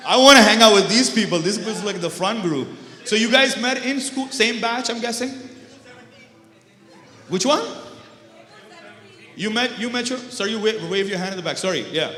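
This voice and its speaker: A man's voice: high-pitched, moderate pace, pauses often, sharp tone. Guy in his 30s doing standup, teases the crowd, laughs at his own bits, big echoey hall with a long reverb. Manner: teasing, chatty, laughs at own jokes. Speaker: stand-up comedian. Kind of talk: stand-up comedy with crowd work. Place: large banquet hall.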